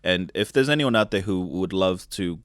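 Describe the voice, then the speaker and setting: A young man hosting a podcast in a relaxed, joking way, with lots of fillers and restarts. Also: low-pitched, moderate pace, dry recording, clean studio sound. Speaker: podcast host. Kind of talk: casual chat.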